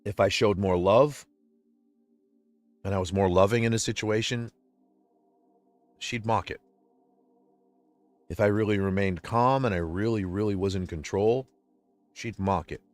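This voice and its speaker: Venting on his livestream, an upset man gives an impassioned personal monologue that swings from quiet to loud. His lowish voice is unhurried with long pauses, there's no room sound, and soft music plays in the background.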